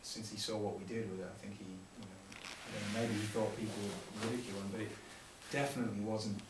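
A man's voice: fairly low pitch, flat delivery, fast talker, very noisy. A man, director and actor of the film, talking casually at a Q&A, rambling and restarting, laughing often. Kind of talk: casual Q&A talk. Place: theatre hall with audience. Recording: echoey room from far off with audience.

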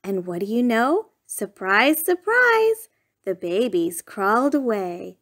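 A woman's voice: medium pitch, lively intonation, unhurried. A woman reading a rhyming picture book aloud in a sing-song, playful bedtime storytelling manner.

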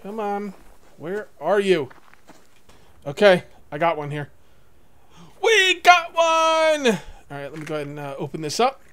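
A young man giving casual gameplay commentary to viewers, excitable, swinging from muttering to whooping. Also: a little high, slight background noise. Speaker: let's play gamer.

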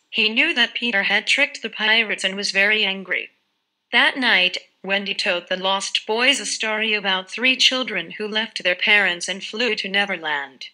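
A woman narrating a children's fairy tale in a steady, clear storytelling read. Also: mid-range voice, rough recording.

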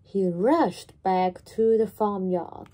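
A woman reading a children's story aloud in a slow, animated, sing-song way. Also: medium pitch.

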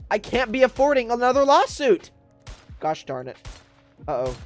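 A man's voice: sits high, very animated, brisk, soft background music. A man giving roleplay gameplay commentary, dramatic and exasperated, with whiny pleading and complaints. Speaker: gaming YouTuber.

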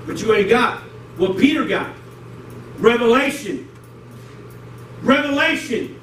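This is a Puerto Rican-born male pastor with a New York accent, speaking in a high-pitched, fairly bright voice. He delivers a joking, slang-filled sermon in a church sanctuary. The recording is noisy and roomy, captured by a distant mic in a large hall.

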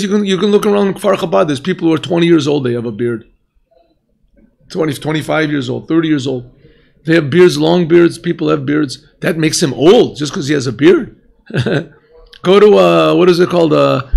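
Gravelly man giving a yeshiva lesson. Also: a little high. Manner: questioning, mixes Hebrew phrases, clears throat often. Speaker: rabbi teaching Chassidus. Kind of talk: yeshiva class lecture. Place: yeshiva classroom.

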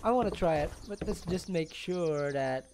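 A young man commentates his own gameplay with a very lively, up-and-down voice, often laughing and talking to the characters. A faint hiss sits under the recording. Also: a little high, moderate pace. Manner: excitable, talks to the game characters, laughs often. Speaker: gaming channel host. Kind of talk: solo let's play commentary.

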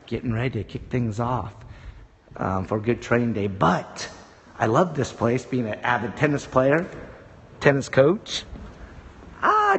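A man livestreaming from his phone while walking around a tennis ranch outdoors, chatting casually and rambling in an upbeat way. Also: lowish voice. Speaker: livestream vlogger. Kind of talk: casual walk-and-talk livestream.

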